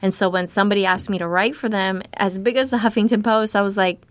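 A woman's voice: mid-range voice, fairly even intonation, fast talker, no room sound. Woman from Nicaragua telling her story. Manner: casual, frequent fillers, laughs between thoughts. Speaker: guest writer. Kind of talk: personal storytelling in an interview.

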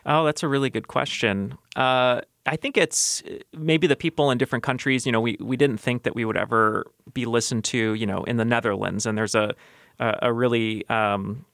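A man's voice: medium pitch, steady tone, moderate pace, creaky, fairly bright tone, no room sound. A man, a podcast host, answering interview questions in a radio studio, earnest and thoughtful with many fillers and restarts.

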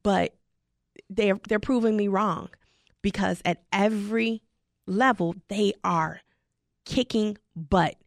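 A woman who is a high school football head coach, talking passionately and emphatically in an interview. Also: takes it slowly, creaky, pauses often, no room sound, studio quality. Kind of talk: casual interview talk.

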